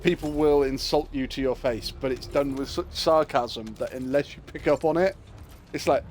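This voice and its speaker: A man streaming a video game, chatting casually and teasing his co-player with animated stories. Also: medium pitch, fairly quick, a little hiss or hum. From United Kingdom. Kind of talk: casual chat while gaming.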